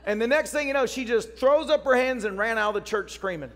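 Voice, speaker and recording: A man preaching a sermon as pastor, telling stories and rising to shouts. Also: very high-pitched, fairly quick, faint music behind. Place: church service.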